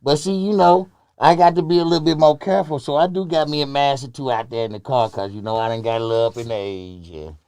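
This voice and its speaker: A man's voice: mid-range voice, fast, few pauses, darkish tone, clear, resonant tone, dry recording, lightly acted. A man playing a boastful older male hustler character in an improvised comedy bit, trading insults. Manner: boastful, combative trash talk. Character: self-styled older masked male hustler, brash.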